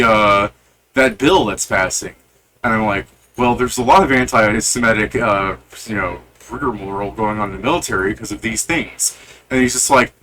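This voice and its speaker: A man with a bright, ringing voice vents to his gaming group before a session. His rant is irritated and full of swearing, and he acts out both sides of an argument as he retells it. Faint noise sits underneath the casual voice-call chat. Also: fairly low pitch, normal speed. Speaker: player in a tabletop game group.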